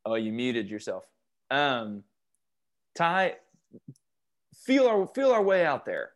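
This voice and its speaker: A man's voice: mid-range voice, huge pitch swings, slow. A man leading a youth Bible study over a video call, questioning the group and joking as he teaches.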